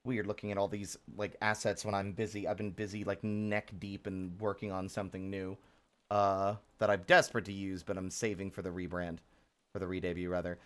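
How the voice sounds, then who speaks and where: A man's voice: low voice, little pitch movement, fairly quick. A young man live-streaming a game, talking casually and frankly, grumbling and swearing freely.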